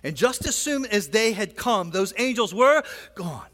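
A man's voice: high-pitched, sing-song, a little slow, fairly bright tone. Guy preaching in a church, chatty, keeps saying right?, lots of echo. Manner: conversational, frequent asides and "right?" tags. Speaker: pastor. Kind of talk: sermon. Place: church sanctuary. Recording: long hall reverb.

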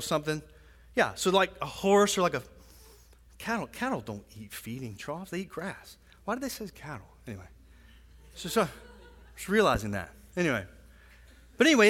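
High-voiced pastor in reverberant hall. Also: male voice, bright, forceful tone. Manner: conversational, frequent asides and "right?" tags. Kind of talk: sermon. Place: church sanctuary.

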